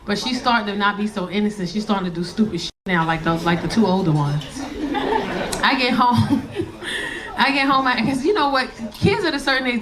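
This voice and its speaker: A woman in her forties telling stand-up stories in a brash, crude way, often laughing at her own jokes. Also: on the high side. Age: 40s. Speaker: stand-up comedian. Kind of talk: stand-up comedy storytelling.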